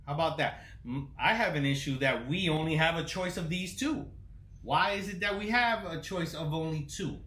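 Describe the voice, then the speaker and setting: A man's voice: a little high, moderate pace, pushed and bright, roomy sound. A man with a New York accent co-hosting a podcast, chatting casually in a blunt, emphatic way and often talking over others. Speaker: podcast co-host.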